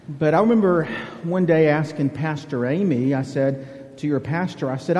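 A man's voice: on the high side, warm tone, dull audio. A middle-aged man from Alabama with a Southern accent, preaching a conversational sermon as a guest preacher, joking and folksy. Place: church sanctuary. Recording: reverberant church hall.

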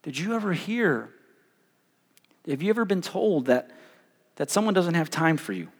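A young man preaching a sermon as pastor, animated and stumbling over repeated words, swinging between loud and hushed. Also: a little high, normal speed, breathy edge. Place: church hall. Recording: live in a reverberant church hall.

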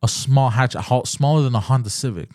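A man chats casually on a podcast, swearing as he tells his story with animated energy. He acts out every side of the quarrel. His voice sits at a middle pitch, recorded close and dry. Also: fairly quick, no echo. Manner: animated, profane, acts out both sides of the story. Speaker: podcast host.

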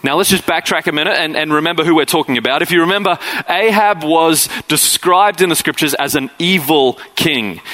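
A man's voice: fairly high pitch, bright, forceful tone, rough recording. A man preaching a conversational sermon as pastor, acting out the people in the story as he retells it. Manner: conversational preaching, acts out quoted figures.

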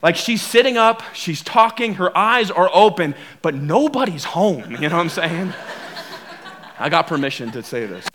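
A man, a pastor, telling a personal story in a sermon, animated and full of fillers and repeats as he acts out the quotes. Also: high-pitched, moderate pace.

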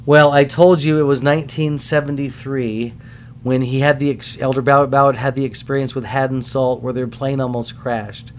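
A middle-aged man hosting a podcast, telling stories casually in an animated, self-deprecating way. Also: mid-range voice, moderate pace, slight background noise. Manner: animated, self-deprecating, acts out voices in anecdotes. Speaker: podcast host. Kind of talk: casual storytelling.

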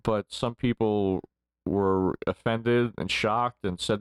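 Low, smooth-voiced man telling stories. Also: steady tone, slow, dry recording. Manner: rambling, laughs often while telling stories. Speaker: guest. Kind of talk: casual storytelling interview.

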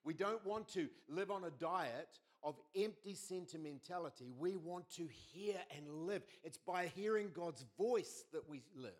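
A middle-aged man preaching a sermon as pastor, telling stories with lively quoted voices. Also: sits high, a little slow, few pauses. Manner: animated storytelling with quoted voices.

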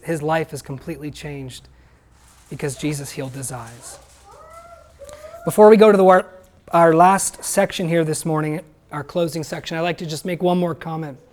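A pastor with a fairly high, darkish-toned voice preaches to his congregation. He keeps it conversational and plain, asking the people listening questions.

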